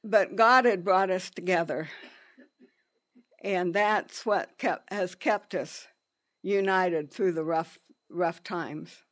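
Woman for a personal story: unhurried, deliberate, halting, restarts mid-sentence. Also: on the low side, a bit bright.

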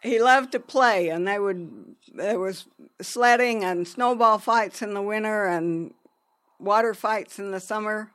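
A woman telling a personal story in an unhurried, halting way, with pauses and restarts. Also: medium pitch, a bit bright.

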